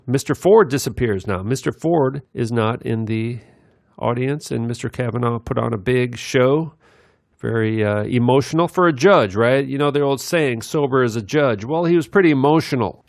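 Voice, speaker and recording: A man giving rambling commentary over video clips, meandering with many filler pauses. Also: medium pitch, gravelly, no echo, clean studio sound.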